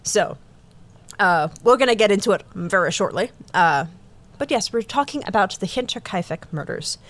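A woman's voice: mid-range voice, animated, normal speed, a little hiss or hum. Giggly rambling woman podcast host. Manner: giggly, self-deprecating, rambling with restarts. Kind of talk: casual chat.

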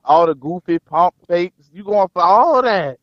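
A young man with a slightly higher voice talks basketball with a laid-back, slangy drawl, often trailing off into quiet asides. His mic sounds a little dull and muffled, and the sound is dry. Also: expressive, measured pace, no echo. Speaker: podcast co-host. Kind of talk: casual sports talk.

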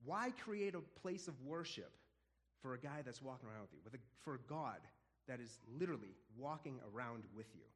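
A man teaching a casual Bible study in an animated, conversational way, often chuckling. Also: medium pitch, a little fast.

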